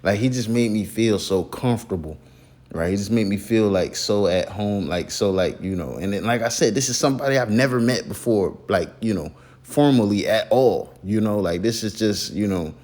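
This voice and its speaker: A man's voice: lowish voice, normal speed, darkish tone. A man telling a casual story about a mentor, rambling with many fillers and restarts. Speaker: content creator recalling a mentor.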